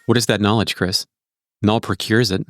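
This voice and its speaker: A man's voice: fairly low pitch, fairly even intonation, normal speed, soft background music. A man co-hosting a podcast, chatting casually with crude jokes. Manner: joking and crude. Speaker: podcast co-host. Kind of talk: casual chat.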